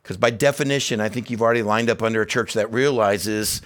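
A man's voice: lowish voice, quick pace, hardly any pauses, a bit bright. A middle-aged man preaching a sermon as pastor, earnest and emphatic, repeating key phrases and dropping in casual asides.

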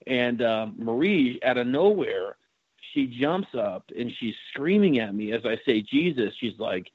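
A man's voice: mid-range voice, expressive, unhurried, husky, no room sound. A man who works as a paranormal investigator, telling his story in a casual interview with lots of fillers and restarts. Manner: rambling, many fillers and restarts. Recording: dry, slightly muffled recording.

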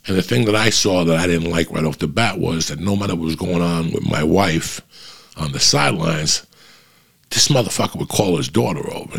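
A middle-aged comedian with a low, gravelly, husky voice. He tells a profane stand-up story, swearing constantly and building into loud, animated rants.

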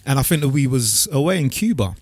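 A man, co-hosting a podcast in relaxed, reflective casual chat and dropping slang like "bruv". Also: mid-range voice, quick pace, no echo, studio quality. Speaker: podcast co-host.

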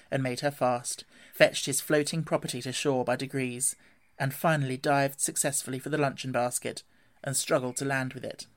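A man reading a classic storybook aloud in an expressive, gently animated way. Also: medium pitch. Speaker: narrator.

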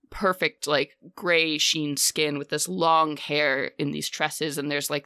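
GM narrator: woman, low and bright voice, descriptive, dry close mic. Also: no room sound. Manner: descriptive, filler-heavy. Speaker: game master. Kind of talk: narrating a tabletop game.

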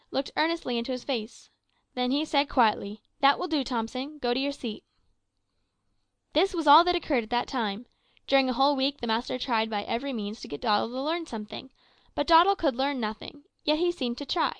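A woman's voice: sits high, a bit bright, smooth, no echo. Woman reading an adventure story aloud. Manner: measured storytelling, lifts her voice for quoted lines. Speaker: audiobook reader. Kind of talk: scripted narration.

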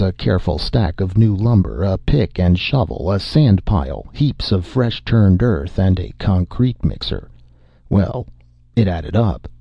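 A man narrating a short story in a measured, somber way. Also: sits low, gravelly, husky, no room sound. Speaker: audiobook narrator. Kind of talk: scripted narration. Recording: dull lo-fi audio.

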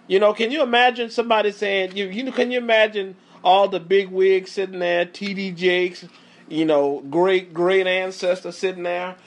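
A man preaching a sermon, emphatic and repetitive, often pausing to tell his listeners to watch closely. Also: high-pitched.

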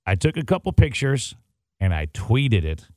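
A man hosting a morning radio show, telling a story in a casual, animated way and acting out the dialogue. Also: medium pitch, normal speed, no echo.

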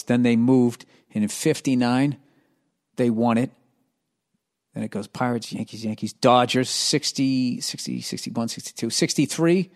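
Hoarse and strained, a male podcast host rambles in a low-energy, self-mocking way, swearing constantly.

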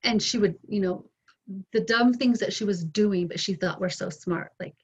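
A middle-aged woman telling her story as an interview guest, candid and animated, acting out both sides of past conversations. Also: mid-range voice, moderate pace, breathy edge. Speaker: interview guest, bereaved mother. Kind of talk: emotional personal storytelling. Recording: dull lo-fi sound.

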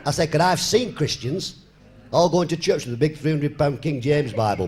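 A man's voice: a little high, moderate pace, background noise. A man in his fifties, a comedian telling his life story to a live audience and acting out both sides of the conversations. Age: 50s. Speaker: comedian giving a testimony on stage. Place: live venue before an audience.

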